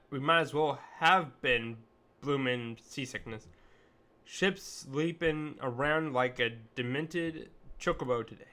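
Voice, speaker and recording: A man's voice: medium pitch, pushed and bright. A man reading as a folksy ship peddler. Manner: reading game dialogue aloud in a homespun, colloquial way. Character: folksy male ship peddler, chatty and reassuring.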